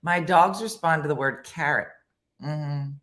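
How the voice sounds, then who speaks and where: A middle-aged woman hosting a casual morning show with a hoarse voice and a lingering cough, who chats in a rambling, self-mocking way and laughs often. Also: low voice, unhurried, a bit bright. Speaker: host. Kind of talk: casual morning show chat, reading viewer comments.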